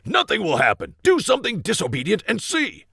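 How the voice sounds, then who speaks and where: A man's voice: high voice, huge pitch swings, a little fast, creaky, sharp tone, slightly rough, no room sound, studio quality, pitched above the performer's own voice, exaggerated voice. A man voicing a brave, strong young gardener in a storybook reading, talking eagerly and defiantly. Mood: urging.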